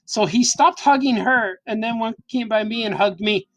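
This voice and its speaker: A man's voice: sits high, moderate pace, rough recording. A man in his forties, a cartoonist, casually telling an enthusiastic, rambling anecdote with frequent laughs. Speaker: cartoonist host. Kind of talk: casual storytelling while drawing. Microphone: camera mic.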